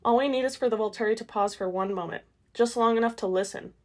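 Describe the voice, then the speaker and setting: A woman's voice: on the high side, quick pace, darkish tone, lightly acted. A woman reading as Esme, an eager motherly vampire. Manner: eager, soothing.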